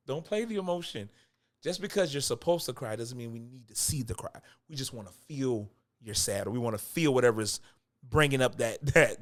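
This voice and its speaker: A man's voice: mid-range voice, a bit bright. A man giving acting coaching in a casual talk, close to the mic, repeating his points for emphasis. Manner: conversational, repeats points for emphasis, chuckles between lines. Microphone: close microphone.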